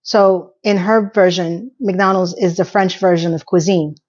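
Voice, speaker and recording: A woman's voice: on the low side, fairly even intonation, measured pace, a little mellow, lo-fi sound. A woman hosting a casual episode recap, chatty and emotional, holding back tears as she retells scenes at home. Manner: chatty, with fillers and self-interruptions. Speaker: recap podcast host.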